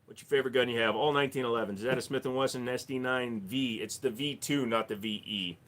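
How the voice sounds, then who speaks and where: A man's voice: medium pitch, fast, a bit bright. Rambling man hosting a livestream. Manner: rambling, offhand, swears freely. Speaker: livestream host. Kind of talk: casual livestream chat answering viewers. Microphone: desk microphone.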